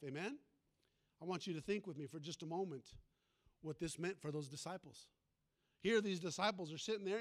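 A man's voice: high voice, sharp tone. A man who is a pastor, preaching a sermon in a folksy storytelling way and calling out to the congregation.

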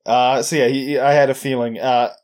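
Young man, casual podcast recap, rambling, lots of fillers and laughs, mid pitch. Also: flat delivery, fairly quick, a little mellow. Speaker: podcast co-host. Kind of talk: casual recap of an anime episode.

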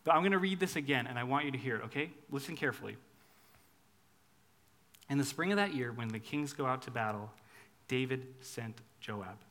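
Bright-voiced man preaching a lively sermon. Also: medium pitch, brisk, long pauses. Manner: lively, conversational, swings from hushed to loud.

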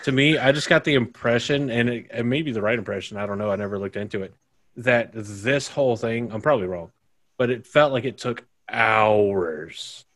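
A man co-hosting a podcast, chatting casually in a jokey, self-deprecating way with quick asides. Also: mid-range voice, fairly bright tone. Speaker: podcast co-host. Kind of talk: casual chat.

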